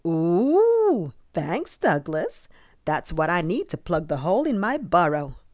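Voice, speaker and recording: A gentle, kind female rabbit from a storybook, read by a woman. She speaks softly, at times in a breathy hush, slow and lower in tone, in a dry close recording. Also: big pitch swings, dry recording. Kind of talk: storybook character voice.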